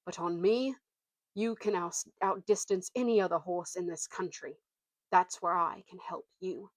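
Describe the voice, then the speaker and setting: A grand, scornful talking horse, put on by a woman reading aloud, speaking in a lofty, drawn-out way. The voice sits a little low and sounds dry and close. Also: no room sound. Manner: haughty, lofty, drawn-out words. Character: proud talking warhorse, male, grand and scornful.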